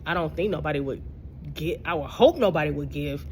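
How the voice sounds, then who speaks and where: A young adult woman vlogging a story in casual chat, animated and gossipy with sarcastic asides. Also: deep voice, a little fast, a little hiss or hum.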